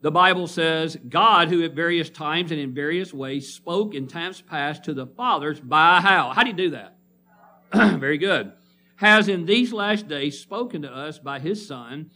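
Man, preacher, emphatic call-and-response sermon, bright forceful tone. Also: a little high. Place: church congregation.

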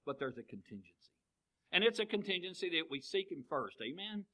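A man's voice: sits high, very animated, a little fast, bright, forceful tone, low-quality recording. A man, preaching a sermon and asking the congregation one question after another. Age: 50s. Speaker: pastor.

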